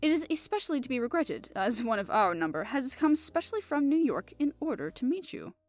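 A woman reading aloud, voicing a fussy, polite middle-aged male detective who speaks with courteous, soft reproof. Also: high-pitched, sing-song, a little fast, faint music behind. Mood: genteel.

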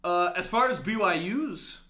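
Lively high-voiced man in casual chat. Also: measured pace, reverberant. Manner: playful, animated banter. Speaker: podcast co-host. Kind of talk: casual sports podcast chat.

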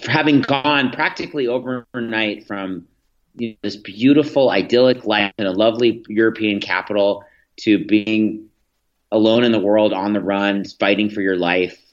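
A man in his thirties, a guest telling earnest stories in an interview, with frequent restarts. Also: fairly low pitch. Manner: earnest, anecdotal, with many restarts. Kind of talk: storytelling in a podcast interview. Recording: dull lo-fi audio.

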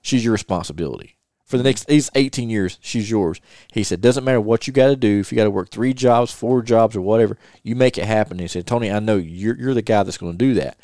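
Man, middle-aged, host, heartfelt storytelling, lowish pitch, dry sound. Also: fast talker, warm tone, dry recording. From North Carolina. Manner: earnest, repeats himself, quotes advice at length. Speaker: podcast host. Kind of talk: casual chat, personal storytelling.

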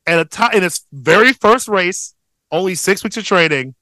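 A man in his thirties co-hosting a casual podcast, telling stories in a profane, excitable, proudly boastful way. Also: sits high, moderate pace, no room sound. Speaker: podcast co-host. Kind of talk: casual chat.

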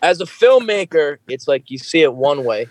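A man's voice: on the high side, sing-song, moderate pace, darkish tone, dry recording, rough recording. Casting: male podcast host, casual and profane, close dry mic, acts out quotes. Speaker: music video director.

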